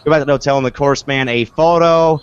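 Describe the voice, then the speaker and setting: A man's voice: on the high side, quick pace. Chatty sports podcast man, lo-fi call. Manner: chatty, repeats "of course" and "folks". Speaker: podcast host. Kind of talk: casual online sports show.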